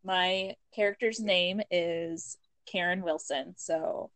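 A woman voice actress in a casual chat, chatty and quick to laugh. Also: on the low side, steady tone, fairly bright tone, a little hiss or hum.

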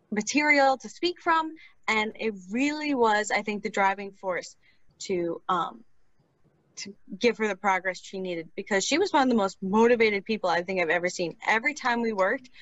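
A woman's voice: medium pitch, a bit bright, no room sound, poor audio. A woman in her twenties, a speech-language therapist, telling a client story in an earnest, conversational way during an interview.

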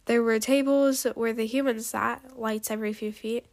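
Woman reading a story, a bit high-pitched. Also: fairly even intonation, a little mellow. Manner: unhurried, with small slips and restarts. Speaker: narrator.

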